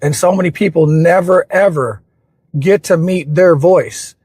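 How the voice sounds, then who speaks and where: A man's voice: fairly high pitch, unhurried, a little mellow, breathy edge, no room sound. A man hosting a livestream and giving a reflective, motivational talk. He speaks earnestly and keeps circling back to repeat his points. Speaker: livestream host.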